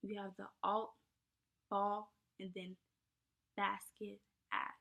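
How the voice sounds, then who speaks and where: Flat-toned young woman with gravelly voice. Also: mid-range voice, slow, highs cut off. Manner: casual, many ums and likes, addresses viewers as y'all. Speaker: teacher. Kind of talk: informal lesson.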